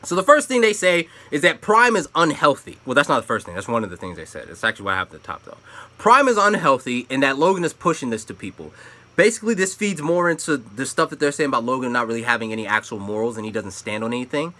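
Young man, commentary host, bright tone, wide pitch swings, profane rant, loud bursts and muttered asides. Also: fast. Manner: animated, profane, swings between loud outbursts and low asides.

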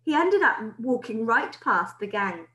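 A woman teacher reading a children's book aloud in an expressive storytelling way. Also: fairly high pitch, a little slow. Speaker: primary school teacher. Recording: roomy echo.

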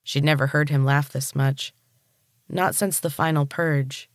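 A storyteller reads a dark novel chapter at a slow, steady pace. The voice sits in the middle range. It is recorded close to the microphone in a dry, dead room. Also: mid-range voice, no room sound. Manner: steady, unhurried reading. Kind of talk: audiobook narration.

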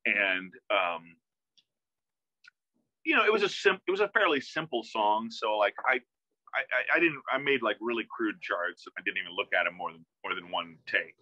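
A man, a musician guest in a casual interview, telling an animated story that acts out quoted dialogue, with many restarts, heard over a video call. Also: fairly low pitch, moderate pace, dry recording. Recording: dull, dry video-call audio.

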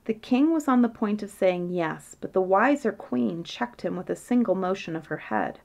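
A woman narrating a bedtime fairytale in a measured, gentle reading voice. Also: medium pitch, expressive, creaky. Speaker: storyteller.

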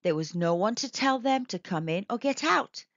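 Kids' storybook reader, woman, slow and expressive; dull lo-fi, dry sound. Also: medium pitch, no echo. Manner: slow, expressive, sing-song reading for kids. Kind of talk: storybook read-aloud.

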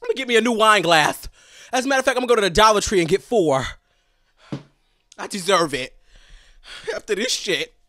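A young man chatting on a livestream in a dramatic, animated way, talking straight to his viewers. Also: high voice, a little fast, long pauses. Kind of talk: casual livestream chat.

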